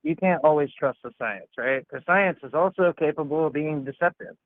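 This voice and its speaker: A man on a tinny, phone-like line, sounding blunt and dismissive as he talks over the host. His voice is a little higher than most men's, and it comes through dry, with no room around it. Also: moderate pace, no room sound. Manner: blunt, scoffing, talks over the other speaker. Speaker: caller. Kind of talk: casual debate.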